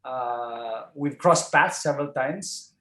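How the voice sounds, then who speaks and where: A man with a Filipino accent giving a chatty keynote speech over a video call, filling pauses and tagging lines with "no?". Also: mid-range voice, roomy sound, low-quality recording. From Philippines. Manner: chatty, warm asides, frequent fillers and tag "no?". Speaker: keynote speaker.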